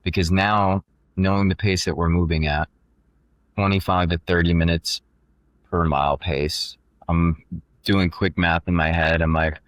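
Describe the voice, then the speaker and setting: A man guest on a podcast, telling a long story in a casual, animated way, often quoting himself, with many fillers. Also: deep voice, measured pace, dry recording.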